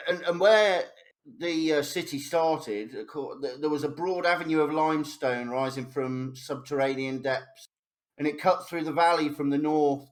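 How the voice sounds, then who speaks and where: A man running a tabletop game as game master, reading a long lore passage aloud with frequent restarts and fillers. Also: on the high side. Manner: halting, reads lore aloud with many restarts.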